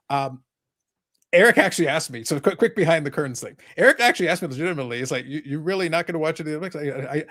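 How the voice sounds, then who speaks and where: A man's voice: a little high, a bit bright. A man hosting a live podcast, talking casually in a rambling, sarcastic, joking way. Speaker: podcast host.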